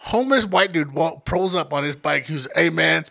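A man's voice: on the high side, fairly quick, creaky. A man co-hosting a casual chat, telling a story with lots of profanity and acted-out quotes. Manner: animated, profane, acts out quotes.

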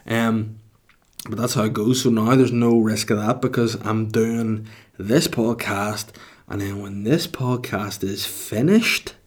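A man hosting his own podcast alone, chatting casually and drifting from one aside to the next. He mocks himself and swears freely. His voice sits a little low. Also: steady tone, normal speed. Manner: rambling, self-mocking, swearing freely. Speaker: podcast host. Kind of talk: casual solo podcast monologue.

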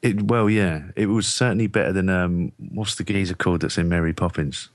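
A man's voice: low voice, a little fast, no echo. An English man co-hosting a podcast, rambling and laughing at himself in casual chat. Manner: laughing, rambling, self-mocking. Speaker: podcast co-host.

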